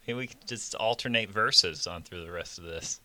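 A man's voice: deep voice, normal speed, pushed and bright. A man casually leading friends through taking turns, easygoing and amused. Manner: amused, easygoing, prompting others. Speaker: leads the verse rotation. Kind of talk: casual chat.

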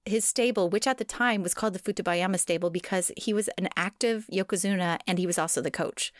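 A woman's voice: mid-range voice, fast talker, no echo, clean studio sound. A woman casually telling a sumo wrestler's life story to a co-host, laughing at times and digressing. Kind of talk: casual chat.

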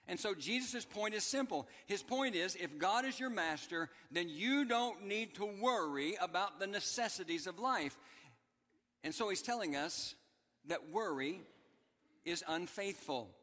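A man's voice: high-pitched, lively intonation, a little slow, sharp tone, in a large hall. A man preaching a sermon as pastor, emphatic and repeating his key phrases for the congregation. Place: church sanctuary.

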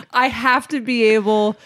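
Chatty, swearing podcast host. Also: female voice, on the high side, steady tone, slow pace, a bit bright, no room sound, clean studio sound. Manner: chatty, swears freely, self-mocking. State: tired from a long workday. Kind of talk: casual podcast chat.

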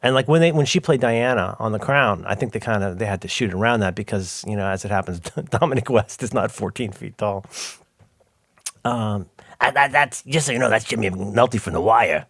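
A man's voice: lowish voice, brisk, creaky, a bit bright, dry recording, clean studio sound. A middle-aged man co-hosting a podcast, chatting casually in rambling, self-interrupting, jokey stories. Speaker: podcast co-host. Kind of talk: casual chat.

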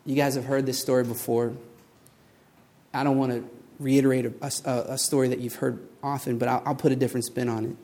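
A man preaching a sermon, telling a story with lively acted-out voices, building to emphatic points. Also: mid-range voice, brisk. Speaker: pastor.

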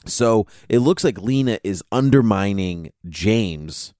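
A man co-hosting a podcast in casual chat, chatty and quick to laugh and sing a line. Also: lowish voice, animated, warm tone, dry recording, clean studio sound. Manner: chatty, breaks into song and laughter. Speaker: podcast co-host.

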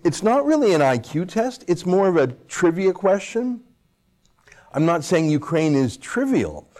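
A man's voice: sits high, big pitch swings, a little slow, darkish tone. A man delivering an opinionated political monologue, full of sarcastic asides and rhetorical questions. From Canada. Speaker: political commentator host.

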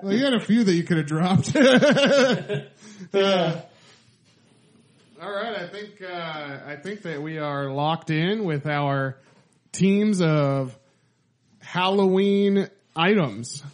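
Male podcast host, high voice, unhurried, laughs a lot, mock-announcer reads; faint music under. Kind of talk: casual chat, reading out list.

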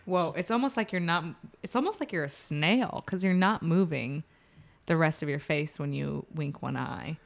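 A woman's voice: deep voice, normal speed, vocal fry. A woman co-hosting a comedy podcast, teasing the others and laughing often in casual chat. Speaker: podcast co-host.

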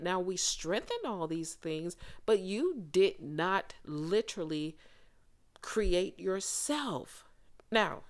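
A woman hosting a faith-based podcast, speaking to listeners in an earnest, conversational way with pauses and restarts. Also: medium pitch. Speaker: podcast host.

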